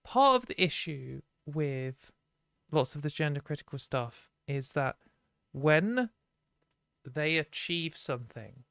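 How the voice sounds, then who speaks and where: A British woman hosting a live stream, talking casually and frankly with lots of "like" and quick laughs. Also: deep voice, very animated, creaky, fairly bright tone, no echo, clean studio sound. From Britain.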